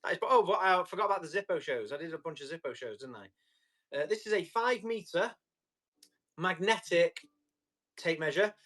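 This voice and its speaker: A man's voice: high voice, animated, moderate pace, pauses often, fairly bright tone. A man hosting a live tool sale, chatting with viewers, answering their comments and describing each item while he tests it. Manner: describes items while testing them. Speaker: live-stream tool seller. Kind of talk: casual live auction chat.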